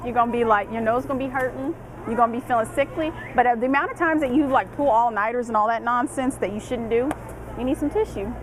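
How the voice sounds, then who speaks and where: A woman's voice: on the high side, fast talker, low-quality recording. A young woman giving casual college dorm advice, chatty and colloquial, laughing often.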